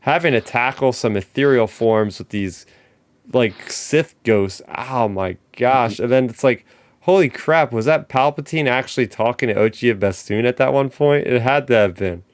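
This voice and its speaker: A man's voice: medium pitch, normal speed, no room sound. A man hosting a podcast and chatting eagerly as a fan, with many fillers and restarts. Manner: excited fan talk, lots of "like" and restarts. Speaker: podcast host. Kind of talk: casual chat.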